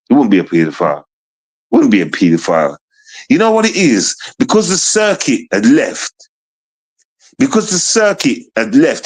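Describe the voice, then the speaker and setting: A man's voice: medium pitch, rough recording. A man ranting on a livestream, repeating himself, swearing and asking over and over whether listeners understand. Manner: repetitive, emphatic, keeps asking "you understand?"; profane and heated. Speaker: streamer. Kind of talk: livestream rant.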